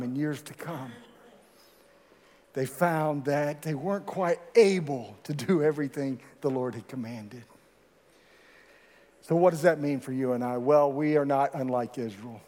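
A man preaching a sermon to a large congregation, lively and rallying, leading them in call and response. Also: fairly high pitch. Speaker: pastor. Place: large church hall. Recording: echoey hall with long reverb.

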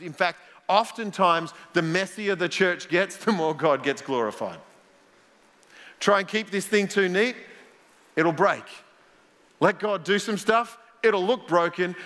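Playful pastor in a reverberant hall. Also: male voice, a little high, fairly bright tone. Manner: playful, jokey, quizzes the congregation. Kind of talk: conversational sermon. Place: church hall. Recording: long reverb of a large hall.

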